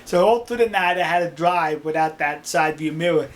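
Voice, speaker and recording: An older man telling stories in a casual, animated way, laughing often and acting out dialogue. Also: a little high, normal speed. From New York City. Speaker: storyteller. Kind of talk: casual storytelling.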